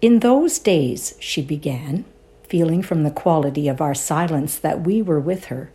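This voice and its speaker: A woman's voice: deep voice, normal speed, dark tone. A woman giving a composed reading of a classic ghost story. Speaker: reader.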